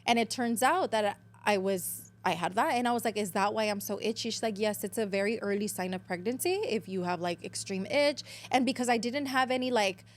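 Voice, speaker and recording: A woman's voice: mid-range voice, a little fast, hardly any pauses. A woman in her twenties, a podcast guest, telling a story in casual chat, switching between English and Spanish, swearing freely and acting out quotes.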